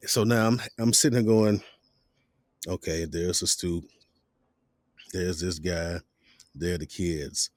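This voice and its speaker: A man from Florida who hosts a podcast, talking in a relaxed, measured way and building up his questions with scenarios. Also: deep voice, no room sound, studio quality. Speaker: podcast host. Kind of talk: casual podcast conversation.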